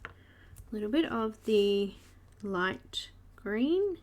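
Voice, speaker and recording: A woman's voice: medium pitch, expressive, very slow, a little mellow. A woman with an Australian accent hosting a live coloring stream, chatting casually while she explains each step and greets viewers by name. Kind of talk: live art tutorial narration.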